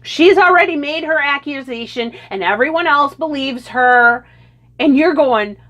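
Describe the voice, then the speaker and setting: A woman's voice: sits high, measured pace, fairly bright tone. A woman delivering an indignant, sarcastic opinion rant and lecturing her listeners. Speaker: political commentator.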